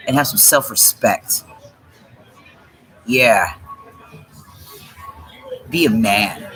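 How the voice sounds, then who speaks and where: A woman's voice: a bass voice, bright, forceful tone, poor audio. A woman hosting a tarot livestream, ranting in a blunt, profane, scornful way. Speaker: tarot reader and livestream host. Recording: music playing behind.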